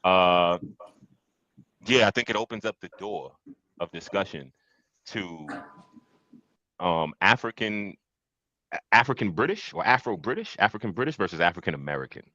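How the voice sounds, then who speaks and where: A man hosting a streamed podcast talk, his very low voice forceful and bright-edged. He muses out loud, circling his points with fillers. The sound is dry and a bit dull, like lo-fi stream audio. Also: animated, moderate pace, pauses often, dry recording. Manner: reflective, thinks aloud with fillers. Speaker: podcast host. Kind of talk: casual podcast discussion. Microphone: streamed podcast mic.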